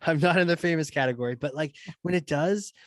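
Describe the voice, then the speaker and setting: A man's voice: fairly high pitch, fast, no room sound. A man hosting a podcast interview, chatting in an easygoing, enthusiastic way. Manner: easygoing, enthusiastic, chuckles often. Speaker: podcast host. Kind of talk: casual interview chat.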